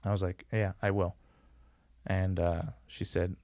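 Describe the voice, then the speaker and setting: Male guest, forties, low smooth voice, dry close mic; loose rambling storyteller, "like"-heavy. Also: level tone, a little slow, a little mellow, dry recording. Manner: rambling, many "like" fillers, acts out quotes. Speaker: podcast guest. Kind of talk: casual storytelling interview.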